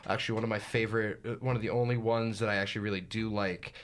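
A man's voice: on the low side, steady tone, rapid-fire. A young man hosting a radio talk show, chatting casually with many restarts and repeated words. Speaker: radio host. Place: radio studio.

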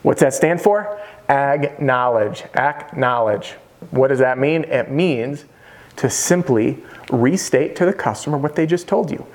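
This is a casual to-camera lesson in which a man coaches roofing salespeople, talking directly and conversationally to the viewer as "you." He sounds expressive, somewhat high-pitched and darkish in tone, keeping a moderate pace.

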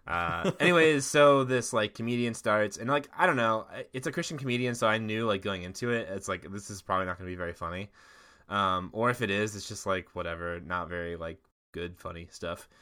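A man's voice: lowish voice, a little fast, sharp tone, smooth. A man co-hosting a podcast, telling a long story in casual chat, full of fillers and laughs. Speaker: podcast co-host.

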